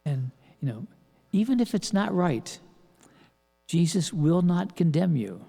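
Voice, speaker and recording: Slow gravelly older priest in echoing church. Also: male voice, a little high, very animated, dark tone. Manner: halting, many restarts and fillers, rhetorical questions. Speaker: pastor. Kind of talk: sermon. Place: large church. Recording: long church reverb.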